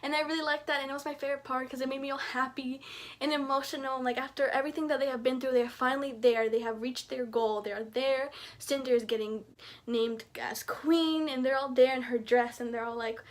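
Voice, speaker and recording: A young woman reviewing books in a casual vlog, chatty and excitable, jumping up in pitch when she acts out her own reactions. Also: fairly quick. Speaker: book reviewer.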